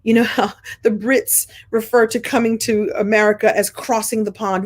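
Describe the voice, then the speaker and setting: A middle-aged woman from Brooklyn with congested sinuses, telling a story to her program group in an animated, chatty way, clearing her throat often. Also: fairly high pitch, normal speed. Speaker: host of a coaching program. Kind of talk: casual storytelling to an online group.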